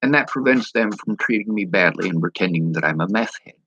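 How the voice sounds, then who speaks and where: A man's voice: deep voice, lively intonation, fairly quick, bright, forceful tone, no echo, muffled recording. Blunt, profane man vlogging. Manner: mimics speech impediments. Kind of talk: casual direct-to-camera vlog.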